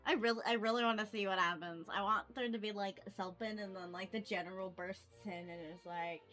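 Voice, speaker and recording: A young woman streaming from home, reading a visual novel aloud with giggly, expressive reactions on a desk microphone. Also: mid-range voice, fairly quick, soft background music.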